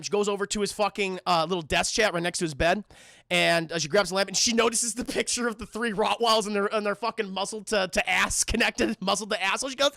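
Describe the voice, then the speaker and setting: A man's voice: high-pitched, steady tone, quick pace, gravelly, sharp tone, no echo. A man streaming a casual, profane, rambling film recap to his chat. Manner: profane, rambling, many fillers.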